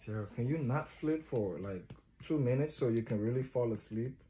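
A young father with a Nigerian accent films himself at home coaxing his baby daughter to sleep, pleading, playfully scolding, and repeating words over and over in casual vlog style. His medium-pitched voice is warm and expressive at a moderate pace. There's a little hiss or hum on the recording.

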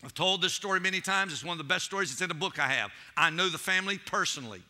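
A man's voice: sits high, animated, fast, pushed and bright. A man preaching a sermon as pastor, telling stories with animation and calling out to his congregation as saints.

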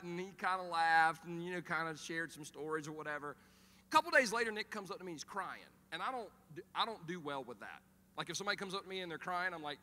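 Middle-aged male pastor, animated joking storyteller, slightly high bright voice, church-hall reverb. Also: quick pace, a little hiss or hum. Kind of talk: sermon with storytelling. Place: church auditorium.

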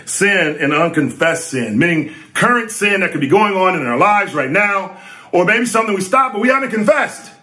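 Emphatic preaching man, bright voice. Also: moderate pace. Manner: emphatic, lively preaching with sudden high emphasis. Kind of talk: sermon.

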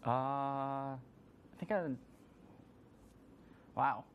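A man's voice: medium pitch, drawn-out words, lo-fi sound, slight background noise. A young man guest in a casual chat, easygoing and hesitant, giving short answers with ums.

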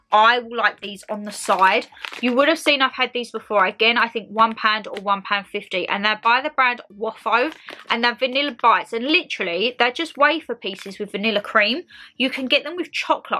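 A woman's voice: on the high side, bright, forceful tone. A young woman chatting casually to camera about her haul, calling viewers her lovelies. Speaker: haul vlogger. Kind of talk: casual product haul chat.

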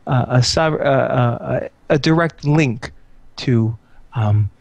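A painfully shy young hacker, as a man puts him on, stumbling through fillers and repeated words. He talks slowly and haltingly, avoiding eye contact. Close, dry recording. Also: mid-range voice, darkish tone, dry recording, highs cut off, voice pushed down. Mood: rambling. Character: shy nerdy young male hacker, awkward and withdrawn.

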